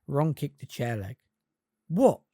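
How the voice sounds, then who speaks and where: A fan reader narrating an audiobook with expressive storytelling. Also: medium pitch, normal speed, no echo, studio quality. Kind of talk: scripted narration.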